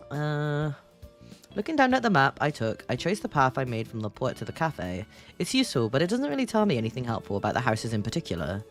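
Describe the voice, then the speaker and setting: Giggly low-voiced woman streamer. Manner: giggly, playful, teasing. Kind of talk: casual commentary while reading a game aloud.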